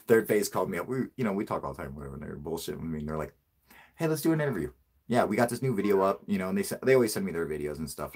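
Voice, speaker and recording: A male channel host in casual livestream chat, a profane, excitable storyteller who laughs a lot. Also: sits low, slightly rough.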